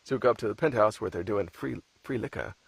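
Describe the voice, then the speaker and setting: A man's voice: on the low side, quick pace, creaky, slightly rough, dry recording. A man, an audiobook narrator, chatting casually on a live stream, laid-back and swearing freely as he tells stories with a laugh. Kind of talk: casual chat.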